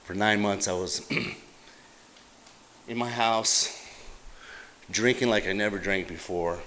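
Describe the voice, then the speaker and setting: Middle-aged man, very low voice, halting recovery story, faint room hum. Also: bright, forceful tone. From Utah. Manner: halting, plain-spoken, many fillers and restarts. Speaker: AA meeting speaker. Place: meeting hall.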